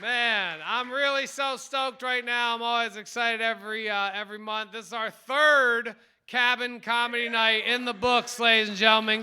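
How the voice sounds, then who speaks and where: A man's voice: high-pitched, sharp tone, smooth. A man hosting a comedy night, rambling loosely and calling himself stoned. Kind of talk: casual emcee banter. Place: small comedy club with live audience.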